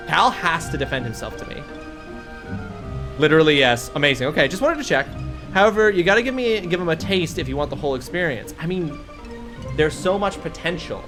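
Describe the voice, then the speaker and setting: Joking streamer guy over game music. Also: a little high. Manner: joking banter with chat, swearing, rambling asides. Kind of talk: casual live-stream chat while gaming.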